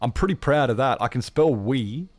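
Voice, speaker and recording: Chatting casually at a normal speed on a live game stream, a man rambles and cracks jokes, now and then breaking into abrupt, high-pitched, excited greetings.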